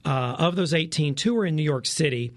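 A man's voice: a little high, fairly quick. A man in his forties, a travel reporter giving tips in a radio interview, eager and full of ums and uhs. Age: 40s. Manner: enthusiastic, many fillers.

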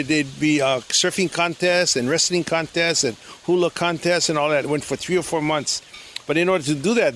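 A man's voice: on the high side, a bit bright, a little hiss or hum. An older man from Hawaii, a slack key guitarist, rambling through stories with many fillers in a casual interview outdoors. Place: outdoors at a beach resort.

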